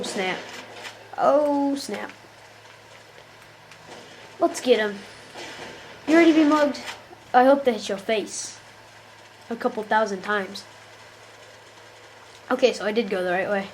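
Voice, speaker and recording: High-voiced woman trash-talking a game. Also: takes it slowly, long pauses, slight background noise, poor audio. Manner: playful trash talk at enemies. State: tired. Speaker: gameplay commentator. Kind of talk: gameplay commentary.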